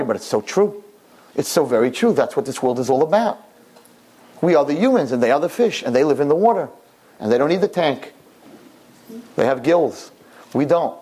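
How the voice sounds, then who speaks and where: Older husky rabbi telling a lively story. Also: male voice, moderate pace, pauses often. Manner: animated, jumps into high excited voices. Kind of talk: storytelling sermon.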